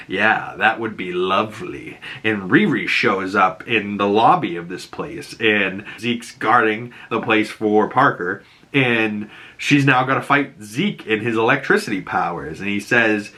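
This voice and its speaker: A man with a bright voice talks through a TV episode as a casual recap host. He keeps it chatty and loose, piling on fillers and laughing at the lines he quotes. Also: lowish voice, measured pace. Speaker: reaction and breakdown host.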